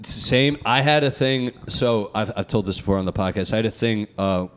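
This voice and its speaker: A man's voice: lowish voice, moderate pace, a little hiss or hum. Swearing young man telling stories on a podcast. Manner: loose, swearing storyteller who laughs at his own stories. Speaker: podcast host. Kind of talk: casual podcast chat.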